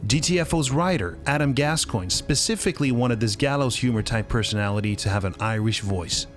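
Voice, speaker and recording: A man's voice: medium pitch, brisk, soft background music. A man narrating and introducing guests in a scripted way. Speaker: interviewer and narrator.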